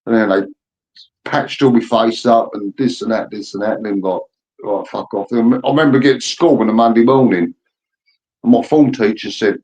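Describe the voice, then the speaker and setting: A man's voice: fairly low pitch, fairly quick, darkish tone, muffled recording. A man, telling rambling, profane stories in casual chat. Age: 50s. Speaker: birthday guest telling stories.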